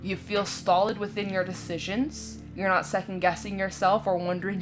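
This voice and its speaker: A woman's voice: medium pitch, fairly even intonation, normal speed, hardly any pauses. A woman giving a casual, reassuring tarot reading to her viewers, chatty and full of little check-ins with the listener. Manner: chatty, reassuring, full of "you know" and "right?". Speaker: tarot reader. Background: soft background music.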